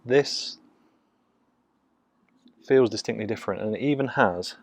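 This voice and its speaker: A man, from Nottingham, casually reviewing a beer in hushed, half-whispered tones, recorded on a phone mic out in his garden. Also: on the low side, measured pace. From Nottingham, England. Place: outdoors in a home garden.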